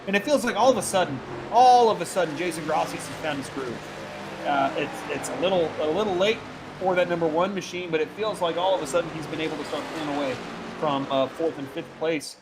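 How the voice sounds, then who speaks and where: A man doing play-by-play commentary for a sim racing broadcast, chatty and quick, laughing easily between calls. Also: on the high side, background noise.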